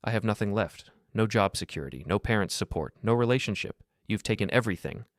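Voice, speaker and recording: A man's voice: fairly low pitch, lively intonation, quick pace, no echo, studio quality, lightly acted. A man voicing a distraught young wife in a story reading, pleading and defensive.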